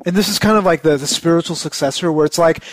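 A man's voice: a little high, fast talker, dry recording. A man co-hosting a casual gaming podcast, chatty and enthusiastic, laughing often. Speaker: podcast co-host.

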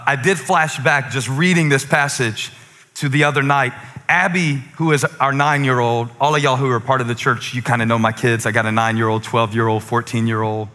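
A man's voice: medium pitch, pushed and bright. A man in his forties preaching a conversational sermon to a small group in a church, rising to emphatic peaks. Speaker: pastor. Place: church stage with few listeners. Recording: long hall reverb.

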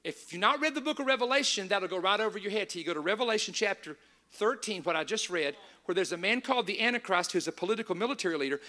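Emphatic high-voiced male preacher. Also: animated, quick pace, pushed and bright. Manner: emphatic, repeats key points to a live audience. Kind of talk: sermon.

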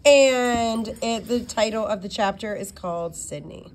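A woman reading a children's novel aloud, with lively stress on chapter titles and place names. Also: a little high, measured pace, few pauses. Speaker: reader reading a book aloud.

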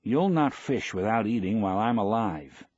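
A man's voice: fairly low pitch, lively intonation, normal speed, darkish tone, husky, dry recording, highs cut off, voice pushed up. A man putting on an eager young boy. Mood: earnest. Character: devoted young boy, earnest and caring.

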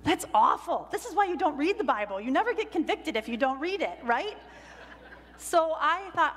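A woman pastor preaching in a church sanctuary, her somewhat high voice carried by a long hall reverb. She tells the story with animation and slows down for the dialogue. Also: animated, fairly bright tone. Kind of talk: sermon retelling a Bible story.

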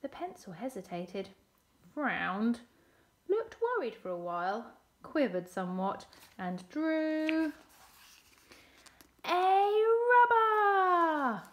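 Expressive woman reading aloud. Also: medium pitch, a little slow. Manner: expressive, asks the children questions. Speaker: teacher. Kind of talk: reading a picture book aloud to children.

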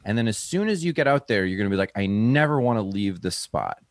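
Man, comedian guest, casual storytelling, lowish pitch, dry close sound. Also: fast, dry recording. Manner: animated storyteller, acts out quotes in a higher voice.

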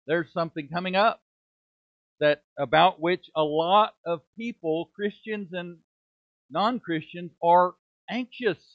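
Middle-aged male preacher, high pitch, emphatic sermon delivery, dull close recording. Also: slow pace, no room sound. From United States. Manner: emphatic preaching with rhetorical questions and dramatic drops in volume. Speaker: preaching minister. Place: church sanctuary.

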